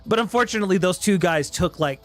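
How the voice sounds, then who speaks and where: A man with a fairly high voice tells a long anecdote to his stream audience. He talks casually and animatedly, slipping into quoted voices. Soft music plays faintly underneath. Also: fast. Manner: animated storyteller, voices the people in his tale. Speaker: streamer host.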